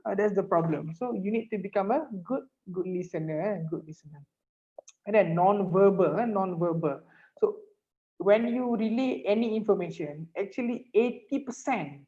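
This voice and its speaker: Malaysian woman lecturer, mid pitch, code-switching teaching voice, dull recording. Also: warm tone. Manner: code-switching, frequent tag questions. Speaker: paediatrics lecturer. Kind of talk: online medical lecture.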